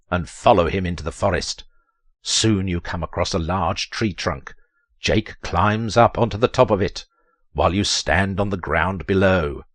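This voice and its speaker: A man narrating a text adventure in a theatrical, dramatic reading voice. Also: dry recording. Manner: theatrical, leaps to high strained pitch on quoted lines.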